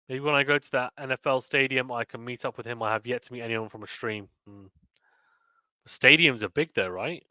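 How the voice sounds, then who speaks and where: Bright-voiced man calling tennis. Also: medium pitch, fairly quick, dry recording. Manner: reads viewer comments aloud and chats between points. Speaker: live stream commentator. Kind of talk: casual play-by-play and chat reading.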